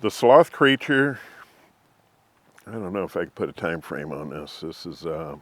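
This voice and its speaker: A middle-aged man, telling rambling, folksy anecdotes in an interview and often clearing his throat. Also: rumbling low, fairly quick. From Missouri. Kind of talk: casual storytelling.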